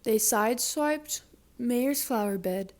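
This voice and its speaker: Woman slowly reading a picture book. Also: a little high, a little mellow. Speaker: storybook reader.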